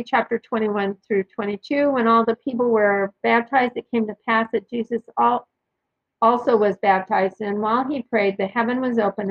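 A woman with a somewhat high voice reads Bible passages aloud for her podcast. She stops now and then to explain who is speaking or to cite chapter and verse. The recording sounds dull and lo-fi. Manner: reads verses aloud, adds asides and references. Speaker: podcast host reading scripture. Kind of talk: casual Bible reading with commentary.

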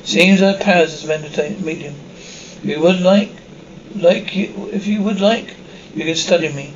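A man reading subtitles and sound cues aloud in an even, unhurried way. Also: sits high. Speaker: reader of captions. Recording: dull lo-fi recording with faint hiss.

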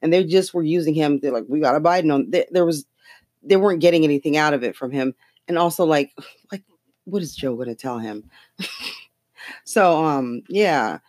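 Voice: medium pitch, normal speed, long pauses, darkish tone, dry recording, studio quality. A podcast host talking about politics in a loose, rambling way, swearing and laughing often. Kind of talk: casual political chat.

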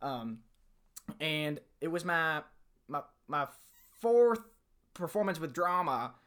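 A man's voice: fairly high pitch, lively intonation, takes it slowly, fairly bright tone. Teen guy with a Southern drawl. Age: teens. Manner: rambling, lots of fillers and restarts; self-mocking, fake cowboy drawl. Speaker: podcast co-host. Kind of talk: casual chat.

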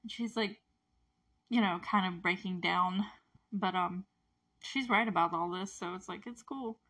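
A woman's voice: lowish voice, unhurried, fairly bright tone. A woman giving a casual, chatty recap of a TV episode, gushing and rambling with fillers and frequent laughter.

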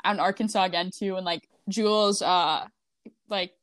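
A woman's voice: fairly low pitch, steady tone, normal speed, dry recording. Chatty young woman, laughing often. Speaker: rugby player guest. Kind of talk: casual podcast interview.

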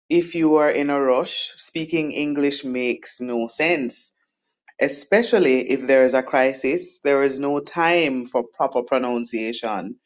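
A Jamaican man who teaches English, giving earnest and emphatic answers, first in patois and then in careful standard English. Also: mid-range voice. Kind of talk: recorded answers to podcast questions. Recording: dull lo-fi recording.

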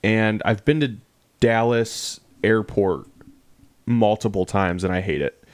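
A man's voice: fairly low pitch, takes it slowly. A man co-hosting a podcast in casual chat, chiming in with short, dry, teasing remarks. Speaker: podcast co-host.

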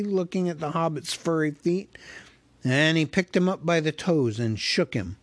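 A man reading a story aloud as narrator, with measured, wry storytelling. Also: fairly high pitch, dry recording. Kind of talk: audiobook reading.

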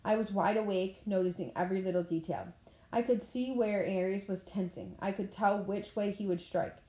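A woman reading a novel aloud in a plain manner, now and then clearing her throat. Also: mid-range voice, moderate pace, dark tone. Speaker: audiobook reader. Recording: echoey room.

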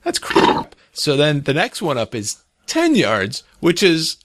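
A man in casual podcast chat who talks with enthusiasm and exaggerates his stories, his pitch jumping up sharply. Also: huge pitch swings, measured pace, fairly bright tone, no echo, studio quality. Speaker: podcast co-host.

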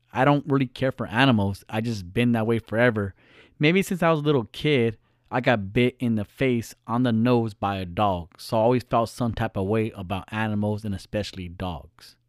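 A man's voice: medium pitch, no room sound, clean studio sound. A male podcast host talking alone in a casual, earnest, reflective way, repeating phrases for emphasis. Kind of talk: casual solo monologue.

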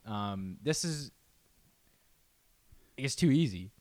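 A young man co-hosting a podcast, relaxed, reading out odd headlines from his notes in casual chat. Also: medium pitch, slow pace, dry recording. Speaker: podcast co-host.

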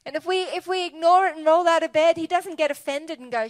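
A woman preaching a sermon in an animated, conversational, enthusiastic way. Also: very high voice, a little fast, few pauses, no echo.

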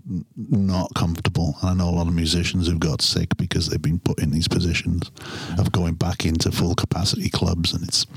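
A man's voice: low-pitched, flat delivery, a little fast, vocal fry, few pauses, husky, no echo. A man from England, a musician, chatting in an interview, rambling and restarting his sentences with chuckles. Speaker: musician guest. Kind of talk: casual interview chat.

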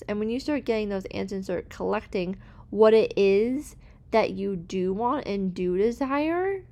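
Gushing upbeat woman podcast host. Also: mid-range voice. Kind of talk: casual motivational monologue.

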